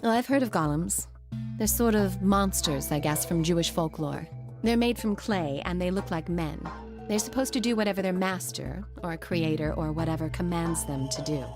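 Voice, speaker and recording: A woman's voice: lowish voice, moderate pace, over music, close to an everyday voice. A woman playing a poised, proud young woman. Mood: composed. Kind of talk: video game voice acting.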